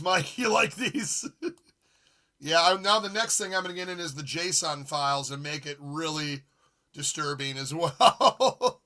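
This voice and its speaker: A man in his forties hosting a live gaming stream, chatting casually and reading viewer comments with excitable, jokey humor. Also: on the high side. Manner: excitable, jokey, reads chat aloud. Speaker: streamer host.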